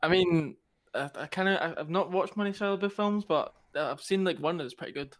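A man's voice: sits high, brisk, no echo. A young Scottish man from Glasgow, co-hosting a podcast in casual chat, hesitant and repeating himself, laughing often. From Glasgow, Scotland. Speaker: podcast co-host.

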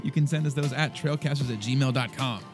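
A man's voice: mid-range voice, brisk, music in the background. A man co-hosting a casual sports podcast, laid-back, laughing often and using lots of filler words. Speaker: podcast co-host.

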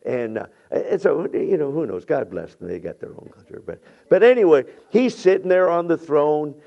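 Gravelly, impassioned man preaching a sermon. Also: a little high, big pitch swings, moderate pace, dull audio. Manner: storytelling, acts out voices, builds to shouting; many restarts and repeated phrases. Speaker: pastor.

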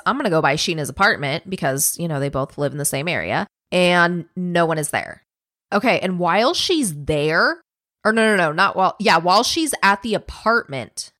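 A woman's voice: on the low side, expressive, moderate pace, fairly bright tone, no echo, studio quality. A young woman co-hosting a podcast, telling a true crime case in casual chat, swearing often and acting out what people said. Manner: casual, swears a lot, acts out quotes.

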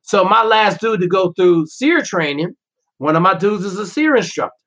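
A man with a fairly high voice tells profane war stories as a podcast guest. He talks in a brash, loose way and keeps swearing. He drops into the voices of other people when he quotes them. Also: expressive, moderate pace, a bit bright. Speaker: podcast guest, former Navy SEAL. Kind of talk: casual profane storytelling.

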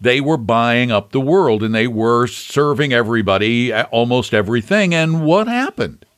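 A man's voice: medium pitch, animated, moderate pace, smooth, no echo, clean studio sound. A man co-hosting a talk radio finance show, chatting casually and jokingly, often repeating words. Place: Florida.

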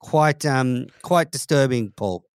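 A man hosting a daily cricket podcast, presenting the news in a clear, steady delivery. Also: mid-range voice, slow, no echo, studio quality. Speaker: host.

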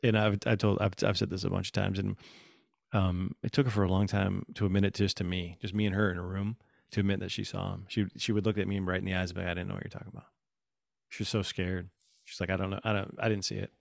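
Low gravelly guy in his thirties, animated storyteller, dry close sound. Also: quick pace, no echo. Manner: animated storytelling with acted-out quotes. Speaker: guest. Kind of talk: casual conversation.

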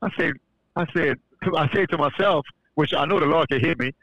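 A man tells a religious testimony in a bright, pressing voice. He stumbles over restarts and then rises into fervent emphasis. The recording is dry and dull, with a lo-fi sound. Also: fairly high pitch, no room sound. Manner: halting, many restarts, builds to fervent emphasis. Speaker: podcast guest sharing testimony. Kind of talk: casual church-style testimony.

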